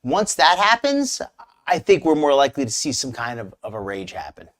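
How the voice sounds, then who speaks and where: Man, live-stream host, casual commentary, halting restarts, lively up-and-down pitch. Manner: rambling, hesitant, with many restarts. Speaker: streamer host reacting to a clip.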